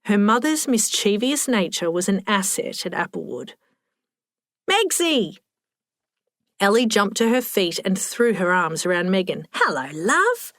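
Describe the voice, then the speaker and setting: A woman narrating an audiobook with a wry, expressive reading, close to the mic. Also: mid-range voice, moderate pace, few pauses, dry recording. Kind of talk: scripted narration.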